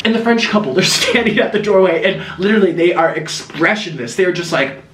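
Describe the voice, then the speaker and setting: Animated, high-voiced young male storyteller. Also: a little fast, reverberant, a little hiss or hum, low-quality recording. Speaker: vlogger. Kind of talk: storytime while eating.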